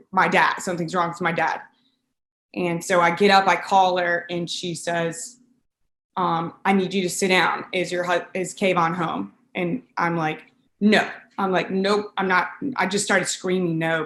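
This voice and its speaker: A woman around thirty recounting a painful family memory, halting with many pauses and fillers. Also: on the low side, gravelly, fairly bright tone, echoey room. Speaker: interviewee. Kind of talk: emotional personal recollection.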